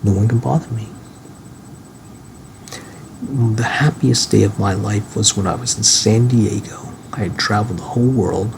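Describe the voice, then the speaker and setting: A man talks through a long, wandering monologue that circles back on itself. His voice sits a little low and has a gravelly edge. Clear ambient noise runs beneath the recording. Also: normal speed, long pauses. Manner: musing, rambling, with restarts and sudden swearing. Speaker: vlogger. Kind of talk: rambling personal monologue.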